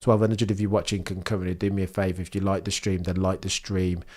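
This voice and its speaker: Man, live race commentary, exasperated, slangy, lowish voice. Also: fast talker. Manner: exasperated, swings from animated to deflated; informal, slangy, sarcastic. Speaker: streamer commentating a race watchalong.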